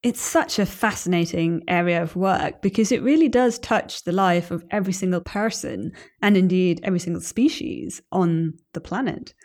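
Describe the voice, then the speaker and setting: Woman, interview host, lower pitch, appreciative, measured. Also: a little mellow. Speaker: podcast host. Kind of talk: interview questions.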